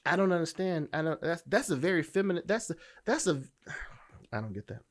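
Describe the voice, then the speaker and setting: A man's voice: on the high side, big pitch swings, a little fast. Blunt, profane man ranting. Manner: blunt, profane, emphatic, with frequent restarts. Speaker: podcast host. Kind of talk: opinionated dating commentary.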